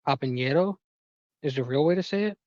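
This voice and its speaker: A man's voice: a little high, expressive, fairly quick, a little mellow, no room sound, muffled recording. A man in his thirties co-hosting a podcast, casual and joking, laughing and swearing as he tells stories. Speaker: podcast co-host. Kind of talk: casual chat.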